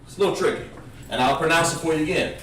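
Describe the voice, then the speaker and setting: A man teaching a livestreamed language lesson, drawing out words slowly for pronunciation drills and chatting with viewers between examples. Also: a little high, fairly bright tone, a little hiss or hum. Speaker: instructor. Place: room, livestream. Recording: roomy echo, far from the mic.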